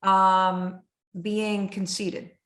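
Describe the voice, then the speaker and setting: A woman hosts a podcast chat with lively, animated storytelling. She often slips into her own anxious inner voice, pitching it up. The room around her is echoey. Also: drawn-out words. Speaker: host. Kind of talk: podcast conversation.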